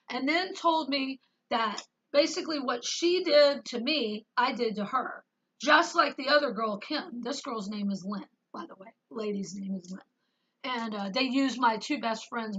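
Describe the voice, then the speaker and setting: High husky woman vlogging her faith testimony, emphatic, dull lo-fi sound. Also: pushed and bright. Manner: emphatic, reads scripture aloud with rising intensity. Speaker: Christian vlogger. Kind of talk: emotional personal testimony.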